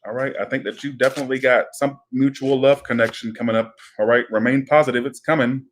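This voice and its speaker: A male tarot reader talks to his viewers in a loose, rambling way, swearing freely and wandering into asides. His voice sits at an ordinary pitch for a man, and his delivery is casual and direct. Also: steady tone, fast talker, a little hiss or hum. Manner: rambling, profane, chatty.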